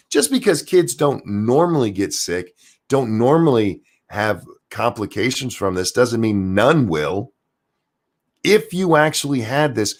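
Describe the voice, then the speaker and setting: A man hosting his own channel, giving a heated, profane and sarcastic political rant, jumping between loud outbursts and low muttered asides. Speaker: streamer and channel host. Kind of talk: angry political commentary rant.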